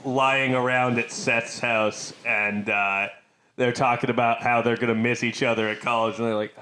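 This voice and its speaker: A man's voice: medium pitch, level tone, moderate pace, pushed and bright. A man co-hosting a film podcast, chatting casually with a dry, self-deprecating humor. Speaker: podcast co-host.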